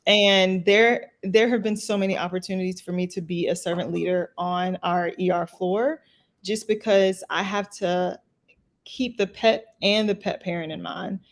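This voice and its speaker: A woman's voice: mid-range voice, fairly even intonation, moderate pace. A young woman in her twenties, a veterinarian, answering interview questions earnestly and thoughtfully. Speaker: veterinarian guest.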